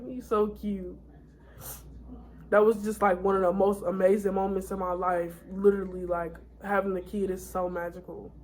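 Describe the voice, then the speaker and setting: Tired young woman telling a personal story. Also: medium pitch. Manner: candid, rambling, with fillers and restarts. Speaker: vlogger. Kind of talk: casual storytime vlog.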